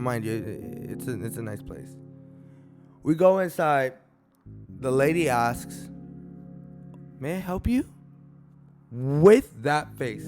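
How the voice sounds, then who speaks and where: A man vlogger telling a story in a casual, animated way, with big swings in pitch and loudness.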